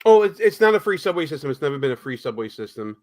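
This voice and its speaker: A man's voice: on the high side, very animated, quick pace, darkish tone. A man hosting a political talk show, speaking emphatically with a sarcastic edge. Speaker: host.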